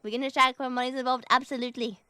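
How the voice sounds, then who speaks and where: A woman's voice: high-pitched, fairly even intonation, racing, sharp tone, smooth, no echo. A young woman streamer chatting casually with viewers. She giggles often, thanks them for donations and swears offhandedly. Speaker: VTuber streamer.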